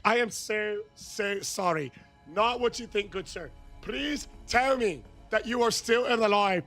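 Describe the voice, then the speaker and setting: Excitable, gravelly young man streamer. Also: high voice, unhurried, soft background music. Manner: loud, excitable, swears often, jokingly outraged. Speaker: game streamer. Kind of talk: casual live-stream chat.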